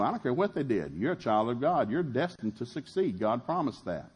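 A middle-aged man, preaching a sermon in a lively way and acting out the voices he quotes. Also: medium pitch, brisk, hardly any pauses, husky. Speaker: pastor.

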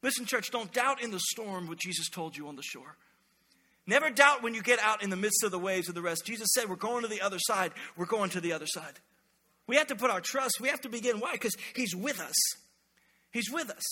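A man preaching a sermon as a pastor, telling stories with animated energy and acting out the voices he quotes. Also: sits high, fairly quick, breathy edge, long reverb tail.

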